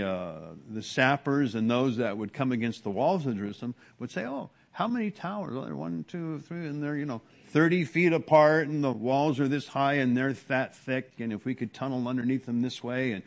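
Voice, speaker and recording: A man preaching an expository sermon in a conversational way, often restarting words and acting out hushed exclamations of awe. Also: mid-range voice, moderate pace.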